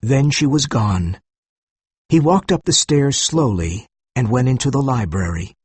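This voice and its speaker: Husky male story narrator. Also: mid-range voice, animated, a little slow, a little mellow, no room sound. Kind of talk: scripted story narration for learners.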